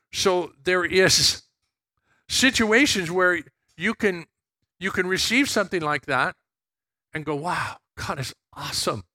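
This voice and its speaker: A man's voice: high voice, no room sound. A man preaching a sermon, moving between scripture teaching and a personal story, acting out the voices of the people in it. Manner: lively, acts out quoted voices in his stories. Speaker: pastor.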